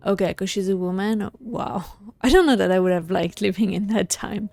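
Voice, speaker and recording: Mellow-voiced woman musing through a game. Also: mid-range voice, moderate pace, gravelly, few pauses, soft background music. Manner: muses aloud while playing, with frequent small laughs and hesitations. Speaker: gaming video host. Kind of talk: casual let's-play commentary, reading game letters aloud.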